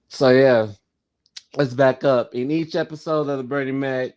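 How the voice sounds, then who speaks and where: Talking directly to the camera, a man hosts a laid-back YouTube review of a sitcom, unhurried and prone to repeating himself and saying "like" often. His medium-pitched voice is fairly even, a little mellow, clear, and resonant, captured in a dry recording.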